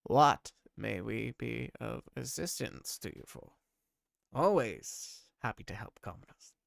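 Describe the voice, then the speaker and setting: A man's voice: mid-range voice, lively intonation, measured pace, creaky, dry recording, clean studio sound. A man voicing a bird-folk council member, prim and formal, with a slightly haughty manner. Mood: officious.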